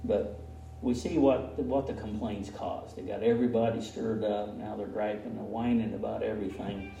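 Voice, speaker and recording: A man's voice: on the low side, fairly even intonation, normal speed, creaky, warm tone. A man preaching in a folksy, conversational way, often chuckling at himself, recorded from a distance in a church hall. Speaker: pastor. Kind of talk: conversational sermon. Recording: echoey room, picked up from afar.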